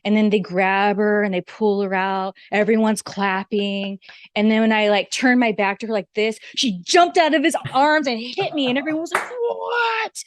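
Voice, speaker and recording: Woman, lively storyteller, interview guest, dry close sound, mid pitch. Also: moderate pace, no room sound. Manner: animated, acts out quotes with big pitch jumps. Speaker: guest, former wrestler.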